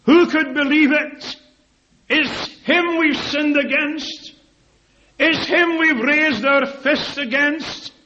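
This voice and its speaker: A man's voice: very high-pitched, bright, forceful tone. A man preaching an impassioned sermon, building repeated phrases and drawing out words for emphasis, on a dull lo-fi recording. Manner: impassioned, rhetorical repetition with drawn-out emphasis. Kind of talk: fervent sermon.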